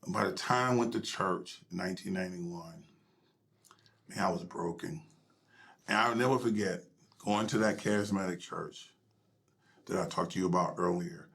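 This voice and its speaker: A middle-aged male pastor telling his personal story in an interview, emotional and halting, sometimes dropping to a near whisper. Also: sits low, creaky, fairly bright tone. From United States.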